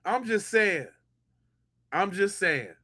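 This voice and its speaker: High, bright-voiced sarcastic male commentator. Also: very animated, slow pace. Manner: mocking, incredulous, slangy. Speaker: podcast host, commentator.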